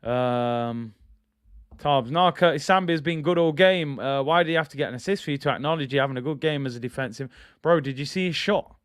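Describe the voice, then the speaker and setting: Excitable man hosting a football watch-along. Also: brisk, smooth, no echo, studio quality. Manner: excitable, trailing off with a low "people"; reads out chat comments between play calls.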